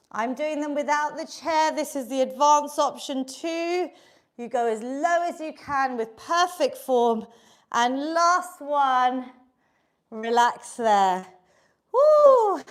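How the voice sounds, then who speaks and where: A British woman leading a live online exercise class, upbeat and encouraging, counting down reps and a little out of breath. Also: high-pitched. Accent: British English. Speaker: fitness instructor. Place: home workout room.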